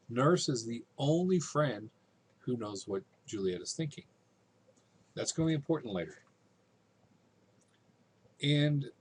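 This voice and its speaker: A man's voice: medium pitch, slightly rough. A man teaching a literature lesson in a casual, conversational way, often checking in with his listeners.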